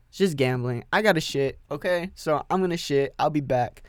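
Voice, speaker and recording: A man's voice: fairly high pitch, fast talker, hardly any pauses, clear, resonant tone, dry recording. Profane rambling man, dry close sound. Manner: crude, profane, rambling, with loud sudden outbursts. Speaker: podcast host. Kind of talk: unscripted solo podcast rant.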